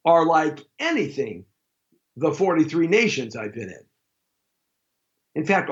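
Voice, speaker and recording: A man hosting a live talk show, rambling through a jokey monologue with sudden loud outbursts. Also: a little high, muffled recording.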